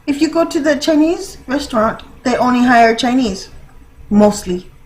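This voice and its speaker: Woman vlogger, high voice, rambling and chatty, laughs a lot. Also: expressive, normal speed, darkish tone, low-quality recording. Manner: laughs often, rambling with many fillers. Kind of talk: casual rambling monologue.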